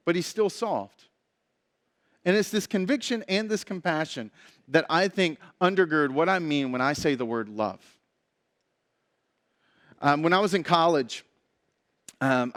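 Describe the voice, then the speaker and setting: A man's voice: high-pitched, fairly bright tone. A male pastor preaching a sermon in a conversational, storytelling way.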